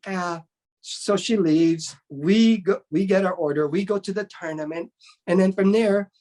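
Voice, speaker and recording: A man's voice: sits high, unhurried. A middle-aged man, a martial arts instructor, telling a story in a casual interview. He acts out the voices of the people in it and keeps asking "right?". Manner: animated, acts out quoted voices, often ends with "right?".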